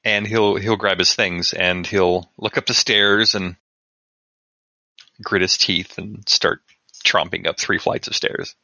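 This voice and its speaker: A man, a player in a tabletop game, describing his character's actions in a halting way with frequent restarts. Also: low-pitched, fairly even intonation, vocal fry, pushed and bright, no room sound, highs cut off.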